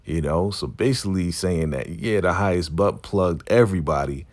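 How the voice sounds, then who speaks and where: A man casually recapping a TV episode in an animated way, acting out the characters' lines. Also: low-pitched, moderate pace. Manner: animated retelling, acts out quotes, laughs often. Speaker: TV recap vlogger.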